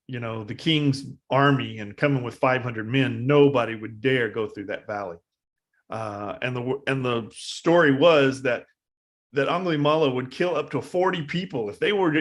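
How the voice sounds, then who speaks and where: Man, dharma talk, casual storytelling, halting with fillers, mid pitch. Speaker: meditation teacher. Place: live meditation service.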